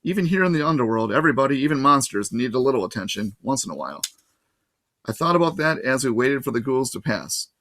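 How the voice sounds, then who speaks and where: A man reading a children's novel aloud in steady, even storytelling. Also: medium pitch, quick pace, dry recording. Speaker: reader.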